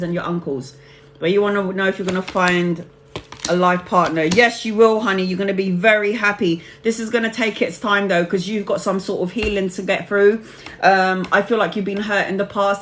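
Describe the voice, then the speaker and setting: A woman's voice: mid-range voice, a bit bright, slight background noise. A woman hosting a live tarot reading, chatting casually with viewers and calling them honey and babes.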